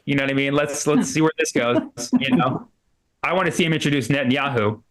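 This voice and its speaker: A man performing a rambling stand-up set at a comedy club, full of fillers and quick put-on voices for the people he quotes. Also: fairly high pitch, a bit bright.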